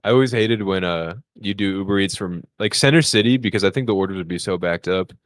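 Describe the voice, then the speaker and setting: A chatty man with a fairly low voice on a comedy podcast, recorded close and dry. He tells stories casually and acts out the other people in them with quick character voices. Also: no room sound. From Philadelphia area. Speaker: podcast co-host.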